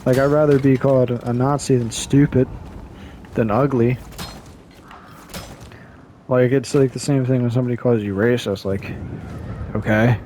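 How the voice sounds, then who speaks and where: Male vlogger, mid-pitched, loose and foul-mouthed rant delivery, rambling with restarts. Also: fairly even intonation, moderate pace, long pauses, warm tone, a little hiss or hum. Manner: profane, rambling, blunt. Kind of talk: casual rant to camera.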